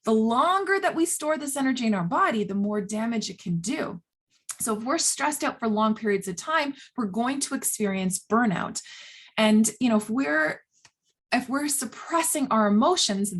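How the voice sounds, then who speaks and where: A woman health coach talking casually to camera, chatty and animated, with lots of filler words. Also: on the high side, normal speed, breathy edge.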